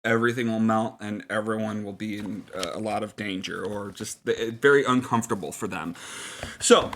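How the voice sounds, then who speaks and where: A man's voice: on the low side, moderate pace, fairly bright tone, slight background noise. A man giving casual game-master tips in a loose, filler-heavy, mock-serious way. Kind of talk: casual rambling advice.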